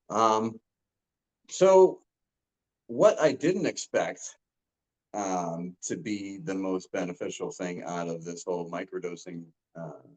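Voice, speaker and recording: Male coaching client, very low voice; casual, sincere, hesitant delivery with lots of fillers. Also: poor audio. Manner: earnest, halting, with frequent ums and restarts. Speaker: coaching client giving a testimonial. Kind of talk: casual testimonial talk.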